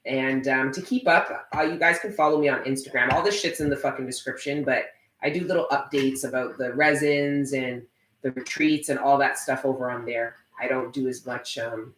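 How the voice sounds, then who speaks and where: A woman's voice: rumbling low, steady tone, normal speed, fairly bright tone, reverberant, a little hiss or hum, low-quality recording. A woman from Toronto chatting casually on a livestream, swearing freely and reading out her viewers' comments. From Toronto, Canada. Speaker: tarot reader and shop owner.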